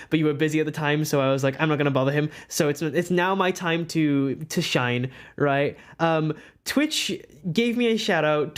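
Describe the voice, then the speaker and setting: A young Welsh adult with a Welsh accent chats casually with viewers during a live art stream, giggling often and rambling. The voice is medium in pitch.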